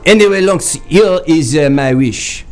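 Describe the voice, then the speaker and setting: A man doing a self-important butterfly hunter with a thick mock-French accent and a fairly high, light voice. He talks in grand, clumsy stage-French phrases, with faint music under him on a live comedy stream. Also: expressive. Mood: grandiose. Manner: overblown, haughty, halting stage-French phrasing. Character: pompous male French butterfly collector. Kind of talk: improv comedy character.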